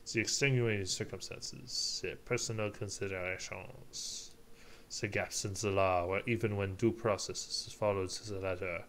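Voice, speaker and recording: A man doing a slow, hushed prosecutor. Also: sits low, slight background noise. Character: reflective prosecutor turned idealist.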